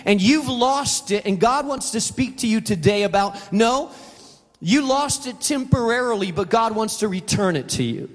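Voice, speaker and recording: A middle-aged male pastor preaching a sermon in an auditorium, telling stories in an animated, humorous way. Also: extremely high pitch, normal speed, in a large hall.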